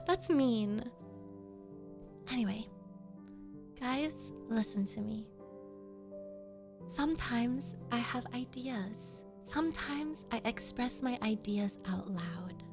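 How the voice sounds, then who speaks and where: A woman's voice: on the high side, animated, takes it slowly, over music. A woman VTuber streamer chatting casually with her viewers, playful and teasing as she coddles them. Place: home streaming setup.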